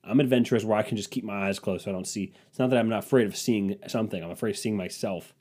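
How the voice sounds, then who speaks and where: A man's voice: on the low side, fast talker, darkish tone. A young man hosting a solo podcast, telling comedic stories in a rambling, crude, self-mocking way. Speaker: podcast host.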